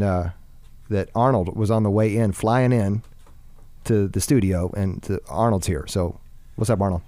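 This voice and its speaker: A man's voice: lowish voice, dark tone, no room sound. A man hosting a radio show in an upbeat, chatty way. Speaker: host.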